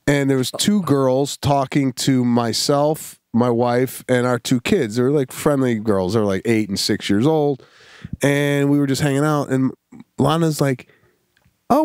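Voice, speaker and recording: A man co-hosting a casual comedy podcast, telling animated stories full of acted-out quotes and swearing. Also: medium pitch, smooth, no echo, clean studio sound. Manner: animated storyteller, acts out quotes, swears freely. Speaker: podcast co-host.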